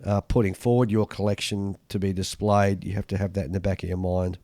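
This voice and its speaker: A man's voice: sits low, level tone, fairly quick, a little mellow, no room sound. Chatty Australian man, dry close sound. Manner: chatty, reads letters aloud with dry asides. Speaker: podcast co-host reading listener mail. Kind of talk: casual chat.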